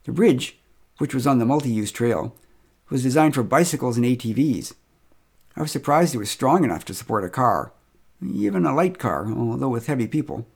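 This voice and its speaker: A man's voice: medium pitch, animated, normal speed, creaky, darkish tone, husky. A middle-aged man telling a humorous first-person story with wry, dry humor.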